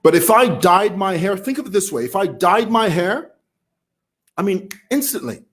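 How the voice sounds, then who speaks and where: A man's voice: sits high, big pitch swings, normal speed, fairly bright tone. A man from Zambia with a Zambian accent, talking casually to camera as a vlogger who laughs while he talks. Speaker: vlogger commentator.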